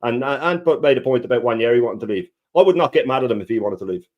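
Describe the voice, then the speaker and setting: A man's voice: medium pitch, lively intonation, highs cut off. A man on a live chat as guest, talking in heated, emphatic runs. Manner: fast, heated opinions.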